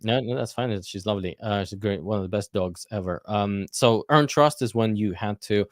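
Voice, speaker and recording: A man working as an interview coach, answering questions in a live Q&A session, thinking aloud with frequent pauses and fillers. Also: lowish voice, no echo, studio quality.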